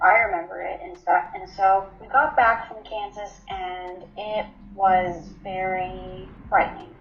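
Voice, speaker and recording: A woman's voice: medium pitch, slight background noise. A woman in her twenties telling her personal story in an interview, candid and matter-of-fact, with frequent ums. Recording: roomy, slightly dull recording.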